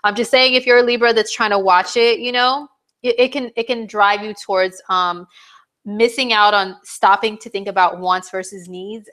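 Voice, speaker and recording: A woman's voice: medium pitch, moderate pace. Chatty woman astrologer. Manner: chatty, animated, acts out little quoted exchanges. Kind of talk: casual live-stream forecast talk.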